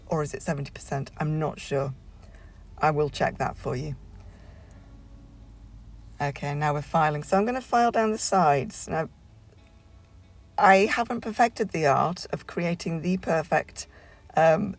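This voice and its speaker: A woman's voice: low-pitched, gravelly, dry recording. A woman talking through a home nail tutorial as a casual voiceover, chatty and rambling, with plenty of fillers and restarts.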